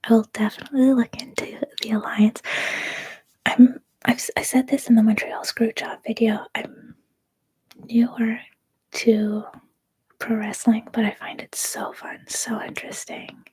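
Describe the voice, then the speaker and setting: A Canadian woman in her thirties, whispering a soft-spoken, rambling ASMR livestream chat. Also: fairly high pitch, flat delivery, unhurried, husky. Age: 30s. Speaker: ASMR streamer.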